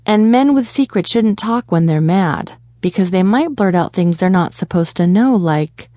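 Low-voiced woman narrating an audiobook. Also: expressive, moderate pace, dark tone, no echo, clean studio sound. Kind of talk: first-person audiobook narration.

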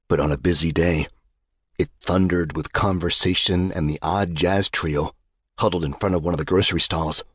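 A man narrating a dark fantasy audiobook in the first person, with a wry, measured delivery. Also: sits low, fairly even intonation, slightly rough, dry recording, clean studio sound.

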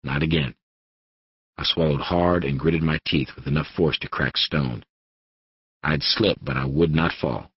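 A man reading an audiobook in steady first-person narration on a studio microphone. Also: very deep voice, a little slow, slightly rough, no echo, highs cut off. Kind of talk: scripted narration.

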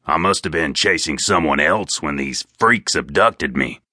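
A man voicing a gruff, foul-mouthed, arrogant adult man in an audiobook, in a low, scornful voice. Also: lively intonation, a little slow, bright, forceful tone, no room sound, studio quality, exaggerated voice.

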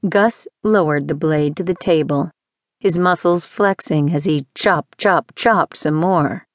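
A woman reading a first-person audiobook in a measured, even storytelling manner. Her voice sits low for a woman, and the studio recording is close and dry. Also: dry recording. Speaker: audiobook narrator. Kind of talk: scripted first-person narration.

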